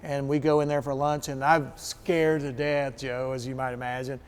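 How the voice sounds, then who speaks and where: A middle-aged guest musician from Kentucky tells animated stories in a casual interview, acting out the voices of the people in them. His voice is smooth and mid-range, and he speaks at a moderate pace.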